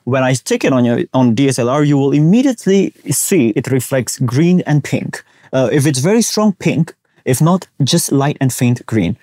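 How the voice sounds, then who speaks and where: A man's voice: medium pitch, moderate pace, no echo, clean studio sound. A young man from Singapore with a Singaporean English accent, hosting a podcast and telling a personal story, acting out the voices of the people he quotes. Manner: animated, acts out quoted voices. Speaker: podcast host.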